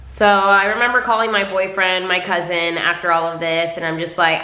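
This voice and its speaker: Bright-toned young woman in an echoey room. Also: fairly low pitch, little pitch movement, moderate pace, hardly any pauses. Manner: candid and chatty, with many "like" fillers. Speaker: vlogger. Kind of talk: casual storytime to camera.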